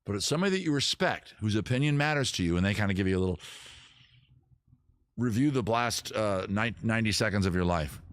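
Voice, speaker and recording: Animated man, rambling jokes. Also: lowish voice, fast talker, no echo. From United States. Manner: rambling, animated, self-interrupting with stutters. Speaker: host of a music livestream. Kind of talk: casual joking chat between songs. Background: loud guitar music.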